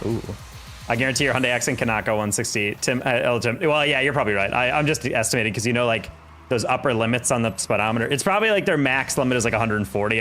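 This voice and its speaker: A man's voice: mid-range voice, fairly bright tone. A young man chatting casually on a live game stream, rambling and reacting to chat while he plays.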